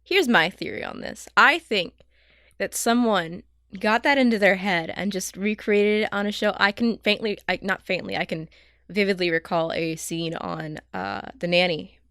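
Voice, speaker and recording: A woman co-hosting a podcast in casual chat, animated and teasing, full of fillers. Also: medium pitch, normal speed, dry recording, studio quality. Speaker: podcast co-host.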